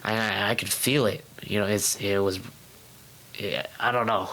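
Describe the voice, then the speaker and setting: Young guy telling his story in an interview, lowish voice, lots of ums and restarts, acts out what he said back then. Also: steady tone, bright, forceful tone, low-quality recording. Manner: candid, halting, many fillers and restarts; acts out his past self in quoted outbursts. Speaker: guest. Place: home room.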